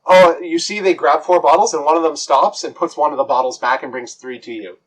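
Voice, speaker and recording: A man's voice: a little high, brisk, poor audio. A man narrating as game master, rambling with lots of fillers and restarts.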